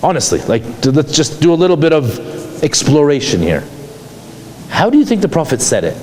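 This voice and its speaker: Animated male lecturer, lively pitch. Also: a little fast, a little hiss or hum. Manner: animated, asks many rhetorical questions. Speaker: psychologist teaching a class. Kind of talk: conversational lecture.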